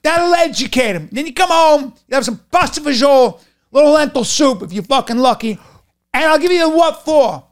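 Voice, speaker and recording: A podcast host putting on a brash, threatening tough-guy New Yorker with a Brooklyn accent, shouting and profane. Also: very high voice, animated, brisk. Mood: shouting bluster. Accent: put-on Brooklyn New York.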